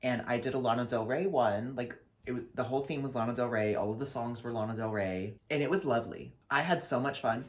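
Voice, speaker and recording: A young man and drag performer recapping his year in a casual vlog, talking dramatically with a lot of swearing and jumping between loud rants and flat asides, in his apartment. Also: medium pitch, brisk, few pauses. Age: young adult. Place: apartment lit only by a ring light.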